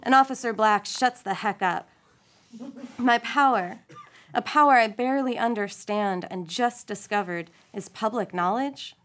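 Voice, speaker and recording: A woman reads a first-person short story aloud with a playful, expressive lilt and wry asides. Her voice sits somewhat high for a woman. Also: measured pace. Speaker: story reader.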